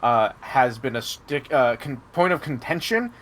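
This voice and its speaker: A man running a tabletop game as game master, explaining in a halting way full of fillers and restarts. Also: medium pitch, sing-song, fairly bright tone, a little hiss or hum.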